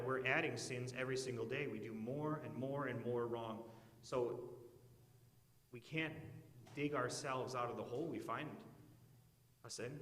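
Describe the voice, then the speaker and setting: A man pastor preaching a sermon in an earnest, measured way, recorded in an echoey church. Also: mid-range voice, fairly bright tone.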